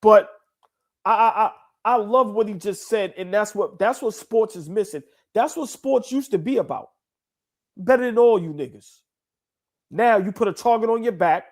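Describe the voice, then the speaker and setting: A man's voice: high-pitched, moderate pace. A man co-hosting a casual basketball talk show, emphatic and repetitive, his voice stuffy from congested sinuses. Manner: emphatic, repeats himself, calls sinuses bad. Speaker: co-host.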